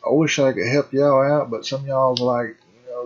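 A man's voice: mid-range voice, unhurried, husky, dull audio. A middle-aged man hosting a gaming channel, talking in a rambling, folksy way and calling his viewers folks. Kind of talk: casual farming game commentary.

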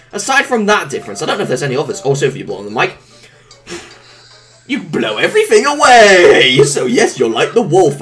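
A woman doing casual, goofy gameplay commentary as a let's play gamer, rambling and laughing at her own jokes. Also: sits low. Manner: goofy, rambling, breaks into silly sing-song asides. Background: faint video game music.

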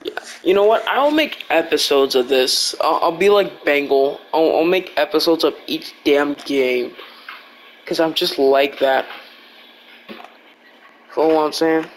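A man's voice: a little high, unhurried, pauses often, slight background noise. A young man giving casual, rambling gameplay commentary with joking, blunt trash talk. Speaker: gaming video creator.

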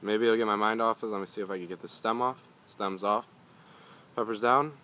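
Young male vlogger, low and bright, rambling and foul-mouthed, faint crickets outdoors. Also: fairly even intonation, brisk. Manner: rambling, swears often, grumbling. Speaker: pepper reviewer. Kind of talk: casual vlog talk.

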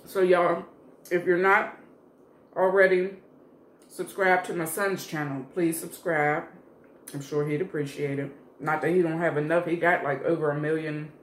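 A woman's voice: deep voice, steady tone, normal speed. A middle-aged woman in a casual eating vlog, chatting to viewers while she eats. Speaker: food vlogger. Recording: echoey room with faint background noise.

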